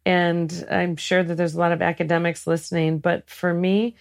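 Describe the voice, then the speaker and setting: A woman's voice: on the low side, moderate pace, vocal fry. A woman being interviewed about running a sailing program, chatting casually and acting out the things people say to her. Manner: lively storyteller who acts out what others say. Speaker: guest, head of a sailing program.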